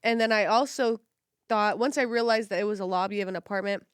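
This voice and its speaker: A woman co-hosting a podcast in casual chat, chatty and quick to correct and add details, with some swearing. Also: medium pitch, steady tone, clean tone, no room sound, studio quality. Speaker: podcast co-host.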